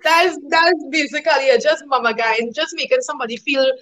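A woman guest in a casual chat, explaining local sayings with laughter and animated asides. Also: high-pitched, brisk, poor audio.

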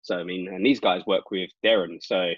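A British man talking as a guest magician, telling stories in a lively way full of "like" fillers. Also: low-pitched, moderate pace, no echo. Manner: animated, lots of "like" fillers. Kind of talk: casual storytelling chat. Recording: dull dry lo-fi sound.

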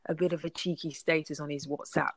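A woman's voice: low-pitched, fairly even intonation, fast talker, a crowd in the background. A woman hosting a casual podcast, chatty and teasing, laughing often. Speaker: podcast host.

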